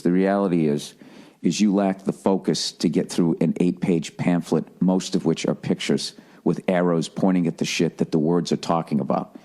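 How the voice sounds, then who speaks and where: A man's voice: sits low, fairly even intonation, moderate pace, dark tone. A man telling a rambling, profane, self-mocking comic rant in a podcast style. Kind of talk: comedic rant.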